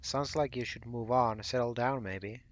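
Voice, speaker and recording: A man's voice: mid-range voice, moderate pace, muffled recording. Rambling man narrating his gameplay. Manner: rambling, corrects himself often. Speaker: gaming channel host. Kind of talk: casual let's play commentary.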